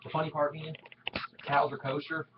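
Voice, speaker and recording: A man's voice: fairly high pitch, completely flat delivery, moderate pace, far from the mic. Guy rambling thru a joke at home, keeps restarting lines, swears a lot, muffled lo-fi recording w faint hiss. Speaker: brother telling a joke.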